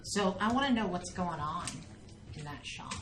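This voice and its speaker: Wry, lowish-voiced woman player. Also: lively intonation, normal speed, background noise. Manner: wry, joking, often laughing. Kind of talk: casual tabletop play. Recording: roomy room with music behind.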